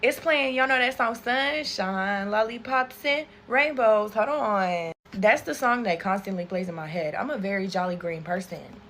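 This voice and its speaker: A woman telling a storytime to camera, swearing a lot, animated and calling her viewers y'all. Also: mid-range voice, moderate pace, few pauses, slight background noise. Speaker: content creator. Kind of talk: storytime vlog.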